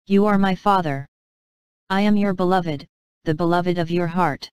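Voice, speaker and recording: A woman's voice: on the low side, normal speed, a little mellow, clear, resonant tone, dry recording, close to an everyday voice. A woman voicing a devoted young princess who speaks affectionately and eagerly in a storybook reading.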